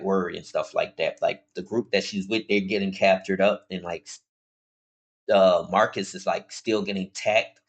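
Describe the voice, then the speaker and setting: Man, lowish voice, informal comic recap, loose and rambling, talks straight to viewers. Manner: rambling, animated retelling with many restarts; informal, addresses viewers as y'all. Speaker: comic book reviewer.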